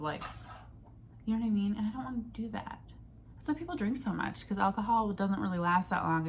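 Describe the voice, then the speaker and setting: A young woman venting on a casual vlog, rambling and swearing freely as she jumps between thoughts. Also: mid-range voice. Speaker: vlogger. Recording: faint background noise.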